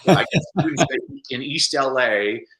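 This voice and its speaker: A man speaking as a guest in a casual interview, animated and playful, often putting on quick voices to make a point. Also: mid-range voice, reverberant, a little hiss or hum, rough recording. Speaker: guest speaker and literacy coach. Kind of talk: casual video call interview.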